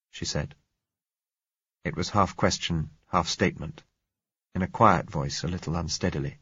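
A man reading a novel aloud in the first person, with measured, reflective storytelling. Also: low voice, bright, forceful tone, breathy edge, dry recording. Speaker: audiobook narrator. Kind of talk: first-person audiobook narration. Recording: dull lo-fi dry recording.

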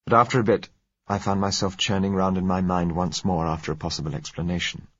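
A man reading a first-person novel aloud as an audiobook narrator, in a measured, tense storytelling manner, on a dull, lo-fi recording. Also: sits low, little pitch movement, a bit bright, slightly rough, no room sound.

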